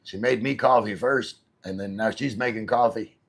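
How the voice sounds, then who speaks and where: A man's voice: lowish voice, moderate pace, gravelly, a bit bright. A middle-aged man chatting casually on a live stream, reading viewers' messages aloud and answering them. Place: home in the Philippines.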